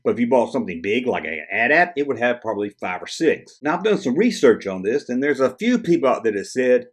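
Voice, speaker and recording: A man's voice: mid-range voice, sing-song, brisk, few pauses. A man hosting a toy collecting video, explaining things in a casual, conversational way and asking viewers questions. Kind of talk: casual explanatory chat to camera.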